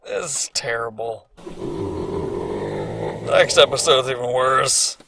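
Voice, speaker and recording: A man's voice: mid-range voice, slow, noisy background. A man in his twenties giving casual, profane and rambling commentary on a cartoon he made as a teen. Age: 20s.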